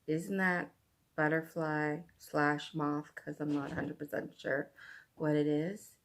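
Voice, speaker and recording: Canadian lady rambling about her stitching stuff, lowish gravelly voice, takes her time. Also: level tone, takes it slowly. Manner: chatty and rambling, with fillers and asides. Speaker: cross-stitch vlogger. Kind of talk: casual chat.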